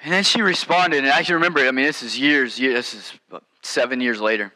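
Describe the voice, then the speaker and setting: Bright-voiced man preaching in a big echoing hall. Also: mid-range voice, fairly quick. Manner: conversational, with many fillers and restarts. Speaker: pastor. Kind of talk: storytelling sermon.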